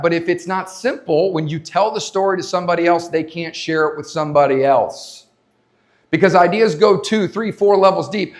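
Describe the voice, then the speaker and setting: A man giving an energetic motivational talk to a live audience at a leadership summit, repeating his points and asking the crowd questions. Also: high-pitched. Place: conference stage before a live audience.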